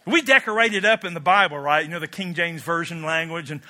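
A man's voice: fairly high pitch, quick pace, pushed and bright. A man preaching a sermon as pastor, emphatic and storytelling, with conversational asides.

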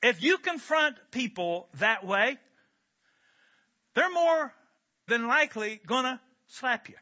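A male pastor delivers a sermon in an animated, joking, conversational way. His voice sits high and sounds very bright, and the recording is dull and lo-fi. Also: slow pace.

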